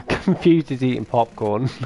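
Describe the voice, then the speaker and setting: A man's voice: medium pitch, mellow. A man streaming a farming game, chatting casually and answering his viewers' comments as he plays. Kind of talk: casual live-stream chat.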